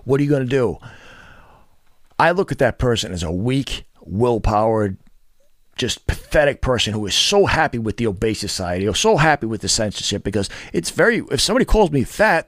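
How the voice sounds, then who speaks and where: A man's voice: mid-range voice, animated, fairly quick, dry recording, clean studio sound. A man ranting bluntly to camera as a fitness and dating vlogger, profane, scornful and lecturing.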